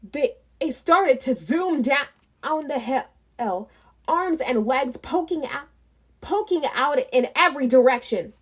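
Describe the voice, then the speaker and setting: A woman reading a children's storybook aloud, unhurried, with small restarts. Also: high-pitched, lively intonation. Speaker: children's book reader.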